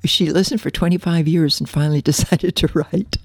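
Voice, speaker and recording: A woman preaching a radio sermon, fervent and affectionate, reading scripture slowly. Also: low-pitched, fairly even intonation, husky, no room sound, studio quality.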